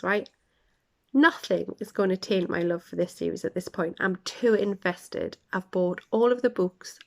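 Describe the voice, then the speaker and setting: A woman hosting a casual podcast, chatting with laughter and dropping into quiet asides. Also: fairly low pitch, vocal fry. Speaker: podcast host. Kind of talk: casual chat.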